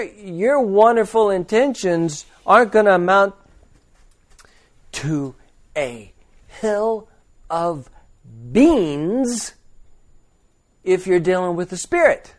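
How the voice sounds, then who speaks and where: A man's voice: high-pitched, lively intonation, takes it slowly, pauses often. A man preaching in a casual way, telling a long rambling anecdote with frequent chuckles and blunt asides. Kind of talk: informal storytelling sermon.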